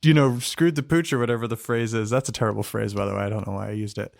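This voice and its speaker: A man's voice: fairly low pitch, steady tone, fast talker, vocal fry, dry recording. Male podcast host, jokey headline reader, dry close sound. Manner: jokey, reads out history headlines. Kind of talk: casual chat.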